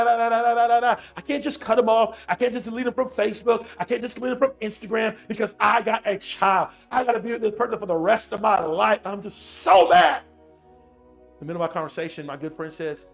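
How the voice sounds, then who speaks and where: Raspy-voiced man giving a dramatic keynote. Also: high voice. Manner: dramatic storytelling, swings between loud and hushed; repeats phrases for emphasis. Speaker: keynote speaker. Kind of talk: motivational keynote talk.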